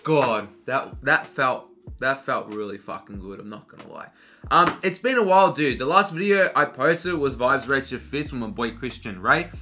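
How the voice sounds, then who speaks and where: A man's voice: mid-range voice, moderate pace, bright, forceful tone, soft background music. A young man chatting casually in a Q&A vlog, loose and slangy, swearing freely and talking between bites of cereal. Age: young adult. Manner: talks while eating cereal. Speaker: fashion vlogger. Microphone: camera mic.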